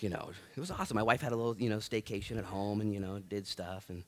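A man's voice: fairly low pitch, quick pace, a bit bright. A man in his thirties preaching a sermon as pastor, joking and self-deprecating, with many restarts.

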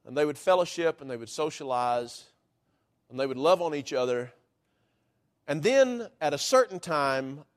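Male preacher, high voice, folksy deliberate sermon storytelling.

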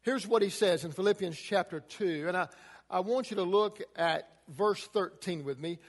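A man's voice: high voice, normal speed, long reverb tail. A man preaching a sermon to a congregation, emphatic, his delivery rising and falling. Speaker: pastor.

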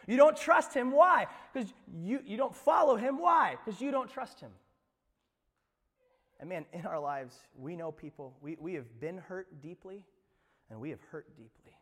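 A male pastor preaching a sermon, animated, swinging between loud emphasis and hushed asides. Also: high-pitched, unhurried, big-room sound.

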